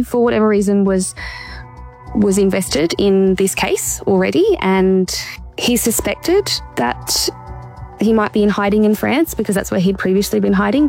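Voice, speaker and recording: A woman speaks in an earnest, measured way as a guest, her voice carrying a gravelly creak. She pauses and restarts as she works through her account. Faint music sits underneath. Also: medium pitch, a little mellow. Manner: measured, reflective, occasional restarts. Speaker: interview guest. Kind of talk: earnest personal account in conversation.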